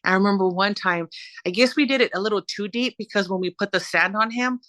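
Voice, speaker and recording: A woman's voice: medium pitch, a little fast, dry recording. Chatty woman guest telling stories. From Southern California. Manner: animated, rambling storyteller with fillers. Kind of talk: conversational storytelling.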